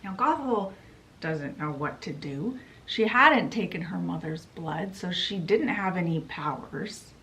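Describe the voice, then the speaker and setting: Brief: unhurried young woman vlogger, casual plot retelling full of "she's like". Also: fairly low pitch, expressive, fairly bright tone, slight background noise, low-quality recording. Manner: storytelling with fillers like "she's like". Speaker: book vlogger. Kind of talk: casual book summary.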